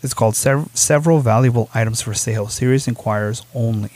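A man reads short horror stories on a podcast, tripping over words and correcting himself as he goes. His voice sits at an ordinary pitch and sounds dry and close to the mic. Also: fast, a little mellow, no echo. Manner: stumbling, self-correcting, laughs often. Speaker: podcast host reading stories. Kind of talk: casual reading and chat.

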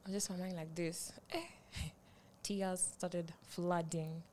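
A woman's voice: lowish voice, takes it slowly, slight background noise. A young woman in her twenties with a Kenyan accent, telling a story in a casual podcast chat and laughing often. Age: 20s. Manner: animated, laughs a lot, mixes in Swahili slang. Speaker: podcast host.

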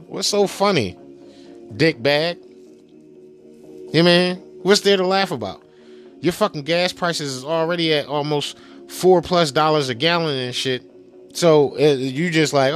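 A man rants in a fired-up, scornful vlog, stacking up curses and circling back to the same points again and again. His voice sits a little high for a man. Soft music plays quietly underneath. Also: moderate pace. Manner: heated, mocking, repetitive, swears constantly. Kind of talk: profane political rant.

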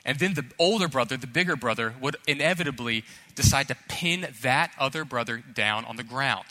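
Male pastor preaching, bright forceful voice, emphatic and earnest, long church reverb. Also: medium pitch, a little fast. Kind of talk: sermon. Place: church sanctuary.

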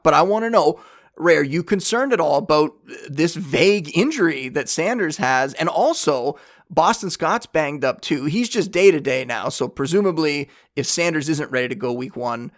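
A man hosting a casual sports podcast, talking through news and asking his guest questions. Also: fairly high pitch. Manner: conversational, relaxed analysis. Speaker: podcast host. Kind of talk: casual chat.

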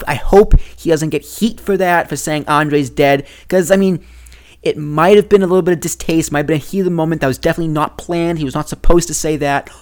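A young man hosting a casual solo podcast, rambling and excitable, often cutting himself off. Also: a little high. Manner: rambling, excitable, self-interrupting. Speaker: podcast host.

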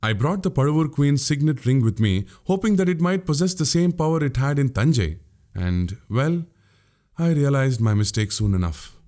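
A man's voice: mid-range voice, expressive, moderate pace, mellow, close to an everyday voice. A man voicing a witty, boastful young male warrior in an audiobook, speaking grandly. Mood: weary. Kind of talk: audiobook character voice.

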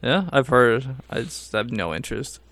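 A man on a podcast trading dry, deadpan one-liners in casual chat. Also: medium pitch, moderate pace, gravelly. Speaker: podcast co-host.

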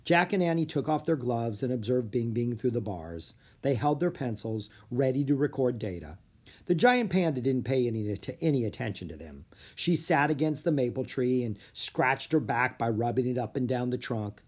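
A narrator reading a children's storybook aloud with clear, lively storytelling. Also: mid-range voice, normal speed. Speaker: audiobook narrator.

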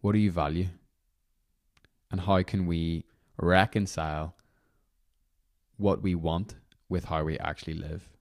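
A man's voice: low voice, steady tone, unhurried, pauses often, dry recording, studio quality. A young man hosting a devotional podcast, talking casually and reflectively with rambling, apologetic asides before leading a guided prayer.

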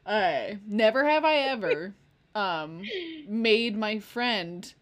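A woman's voice: medium pitch, lively intonation, takes it slowly. A young woman chatting casually with a friend in a podcast game, laughing often and telling stories with animation. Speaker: co-host. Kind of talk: casual chat.

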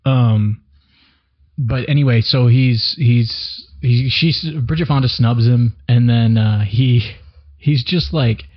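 A man's voice: medium pitch, slow. Rambling young man, casual chat. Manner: rambling, loose, swears casually. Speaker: podcast co-host. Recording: dull lo-fi recording.

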